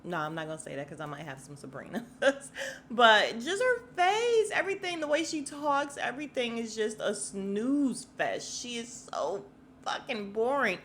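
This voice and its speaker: A woman's voice: on the high side, sing-song, moderate pace, slight background noise. A young woman from Chicago hosting a podcast, giving a blunt, sassy recap of a reality dating show and talking straight to her listeners. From Chicago, USA. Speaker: podcast host.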